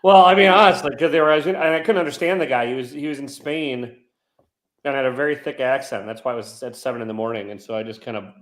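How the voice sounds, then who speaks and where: A man talking fast in a dry, deadpan way and teasing his co-host through a casual chat. His voice comes from an echoey room. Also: medium pitch.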